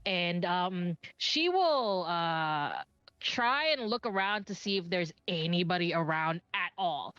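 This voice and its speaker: A woman talking through her character's moves in a tabletop game, rambling with lots of ums. She speaks slowly in a lowish voice, and the dull lo-fi mic has faint music behind it. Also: animated, fairly bright tone, clear, resonant tone, dry recording. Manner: rambling, filler-heavy. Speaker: player.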